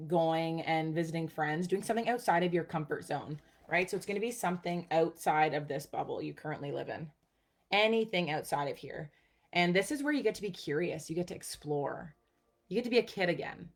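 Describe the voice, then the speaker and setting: A young adult woman with a notably low voice talks straight to her viewers like a personal growth coach. She keeps it casual and upbeat, checking in with "okay" and "guys" as she teaches. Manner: upbeat, chatty, says "okay" and "guys" a lot.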